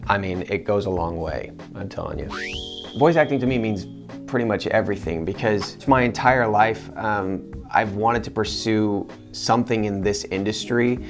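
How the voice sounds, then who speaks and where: Earnest low-voiced male voice actor. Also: moderate pace, over music. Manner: earnest, animated storytelling. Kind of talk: interview answers to camera.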